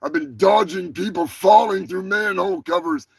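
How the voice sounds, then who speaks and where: A man hosting a crude comedic live show, brash and profane, rambling through shout-outs to his viewers. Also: high voice, normal speed, creaky, husky, low-quality recording. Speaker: host.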